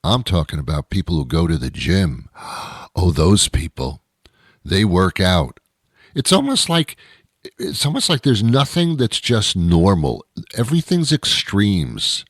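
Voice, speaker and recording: Host, male, very low voice, dry close sound, wry rambling monologue. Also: huge pitch swings, husky, dry recording. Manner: wry, rambling, with dramatic pauses. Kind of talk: comedic monologue.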